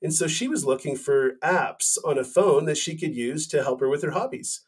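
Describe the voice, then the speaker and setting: A man's voice: a little high, normal speed, breathy edge. A man in his forties, a company founder, speaking as a podcast guest and telling his story earnestly, often restarting his phrases. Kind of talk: casual interview chat.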